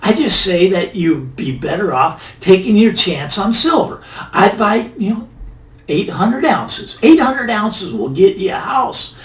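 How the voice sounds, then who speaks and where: A man's voice: high-pitched, very animated, a little slow, a bit bright. A middle-aged man hosting a finance channel, talking casually and emphatically, repeating key phrases for effect. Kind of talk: casual monologue commentary. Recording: roomy, mic a bit distant, faint ambience.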